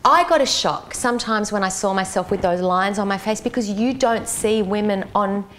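A woman's voice: medium pitch, moderate pace, fairly bright tone, a little hiss or hum. A woman, a filmmaker, talking animatedly in a casual interview and acting out the voices of people she quotes. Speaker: filmmaker guest.

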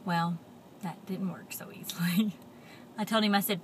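A woman telling a story to children, animated and expressive, often dropping into whispers. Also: fairly low pitch, moderate pace, long pauses, a little hiss or hum.

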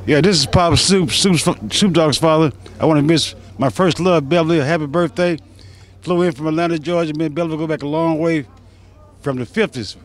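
Older man, casual recorded greeting, slightly higher voice. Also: fairly quick. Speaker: well-wisher.

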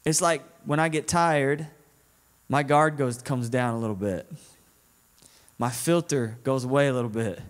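A man's voice: medium pitch, a little slow, long pauses. A man with a Southern US accent preaching a sermon in a casual, conversational way, often checking in with "right?". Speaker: guest preacher.

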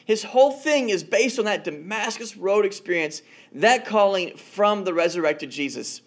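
A pastor with a notably high-pitched voice delivers a relaxed, talky sermon. He tells personal stories and doubles back on his words as he thinks aloud. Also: normal speed. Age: adult, married father. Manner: storytelling, repeats words as he goes. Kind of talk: conversational sermon.

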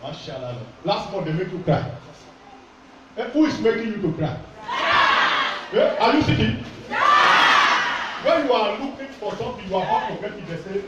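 Pastor shouting in an echoey hall. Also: male voice, sits high, animated, moderate pace, long pauses, highs cut off, crowd noise. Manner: forceful, repetitive, commanding, often shouting. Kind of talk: prophetic sermon with shouted prayer. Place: large church hall. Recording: echoey church hall, voice from far off, congregation noise.

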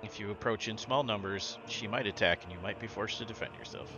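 A man narrating as game master of a tabletop game, in a steady descriptive manner. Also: lowish voice, brisk. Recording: dull lo-fi sound with loud music.

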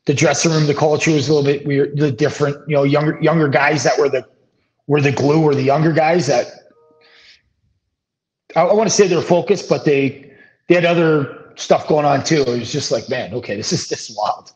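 A man's voice: on the high side, a little fast. A man, a former pro hockey player, telling a long anecdote as a guest, loose and rambling, full of ums and restarts. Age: 30s. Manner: rambling, relaxed anecdotes with many fillers. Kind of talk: casual storytelling interview. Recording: slightly dull lo-fi sound.

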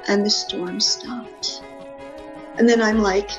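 A woman, a guest on a podcast, telling a personal story as a lively storyteller who acts out the people in it. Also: mid-range voice, takes it slowly, long pauses, highs cut off, soft background music.

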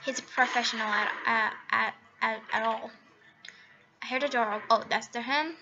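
A woman giving casual, excitable commentary while playing a game, gasping and laughing at her own mistakes. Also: fairly high pitch, normal speed, muffled recording, a little hiss or hum. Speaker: gaming channel host.

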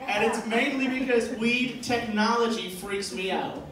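A man's voice: very high-pitched, a little slow, a crowd in the background. A man from Boston doing a stand-up comedy set, telling rambling stories full of fillers. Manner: rambling, filler-heavy storytelling. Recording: echoey club mic from far off. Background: audience laughter.

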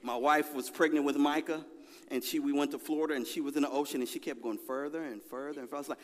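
A man, preaching a lively, conversational sermon with call-and-response and a personal story in a large church. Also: fairly high pitch, fast talker. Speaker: pastor. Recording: long hall reverb.

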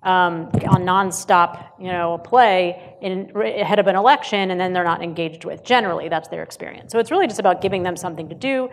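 Thoughtful woman panelist, lowish voice. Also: a little fast, few pauses, a little hiss or hum. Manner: thoughtful, hedging, building on others. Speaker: panelist, data researcher. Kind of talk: panel discussion. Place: hotel ballroom.

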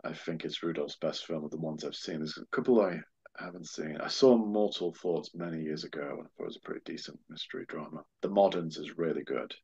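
A man co-hosting a podcast, talking films in a measured, thoughtful way. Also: a bass voice, a little mellow, husky. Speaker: podcast co-host. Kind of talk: casual film discussion. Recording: dull lo-fi audio.

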